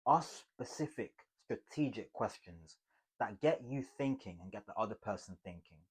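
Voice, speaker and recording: A slightly low-pitched man coaching viewers on how to speak. He talks emphatically, jumping from punchy loud lines to quiet, hushed ones. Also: expressive, normal speed, breathy edge. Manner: emphatic, swings between loud and hushed delivery. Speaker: communication coach. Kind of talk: motivational teaching to camera.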